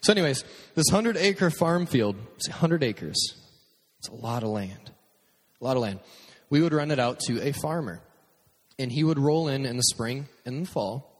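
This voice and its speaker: Man, pastor, mid-pitched, joking storytelling sermon, long hall reverb. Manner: animated, joking, acts out his own stories.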